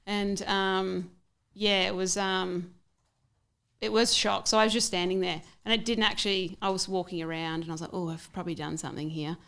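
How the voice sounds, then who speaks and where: A woman's voice: medium pitch, little pitch movement, normal speed, gravelly, a bit bright. A woman guest on a podcast, talking casually with many fillers and restarts. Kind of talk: casual interview chat.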